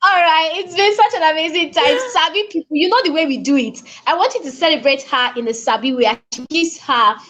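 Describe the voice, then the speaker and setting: A woman's voice: high-pitched, a little fast, few pauses, fairly bright tone. A woman hosting a live session, thanking her guest effusively and laughing. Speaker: host.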